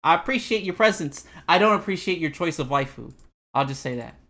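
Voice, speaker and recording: A young man streaming a game live, rambling through animated, self-deprecating commentary and reading the game's text aloud. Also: fairly high pitch, a little fast, background noise.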